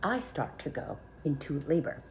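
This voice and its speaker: A woman telling a personal story to her viewers, animated and dramatic, with whispered asides. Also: sits low, moderate pace, slight background noise. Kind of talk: casual storytelling to camera.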